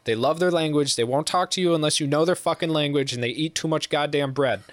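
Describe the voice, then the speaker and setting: A man voicing a bigoted high school math teacher in a blunt, profane rant, in an anecdote on a podcast. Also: quick pace, no echo, lightly acted. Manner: blunt, profane, scornful ranting.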